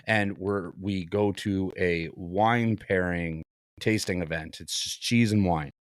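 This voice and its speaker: A man co-hosting a podcast, telling animated anecdotes with swearing and laughter. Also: low voice, takes it slowly, no room sound, clean studio sound. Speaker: podcast co-host. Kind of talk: casual podcast chat and storytelling.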